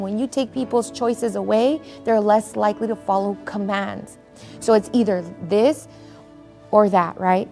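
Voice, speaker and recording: A woman's voice: a little high, a little mellow. A woman presenting a conference session on conflict resolution, chatting to her audience and checking in with "right?". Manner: conversational, keeps asking the audience "right?". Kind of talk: virtual conference talk. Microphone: video call.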